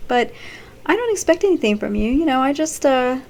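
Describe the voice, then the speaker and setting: A woman's voice: sits high, sing-song, fairly quick, a little mellow, voice pushed up. A woman voicing a breezy, blunt young pregnant woman in a retold scene.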